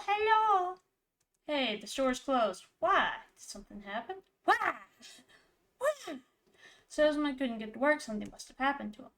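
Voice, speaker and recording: Woman streamer, let's-play commentary, sarcastic and sweary, fairly high voice. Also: a bit bright. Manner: sarcastic, exclaiming, swears freely. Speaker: gaming streamer.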